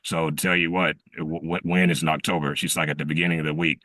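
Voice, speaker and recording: A man's voice: a bass voice, little pitch movement, fast talker, a bit bright. A man on a group video call, recounting his week in a rambling way, full of fillers and restarts. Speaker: team member sharing a reflection. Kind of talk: casual storytelling on a group call.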